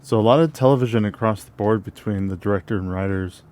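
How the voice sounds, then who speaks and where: A man's voice: lowish voice, fast talker, a little mellow. A man co-hosting a film podcast, laid back, running through crew credits in casual chat. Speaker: podcast co-host.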